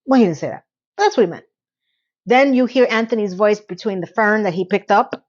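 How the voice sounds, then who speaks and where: A woman giving a casual, opinionated TV recap, chatty and rambling with quick asides, now and then acting out lines from the show. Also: mid-range voice, animated, lo-fi sound. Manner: acts out characters' lines in quick quotes. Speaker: TV recap reviewer.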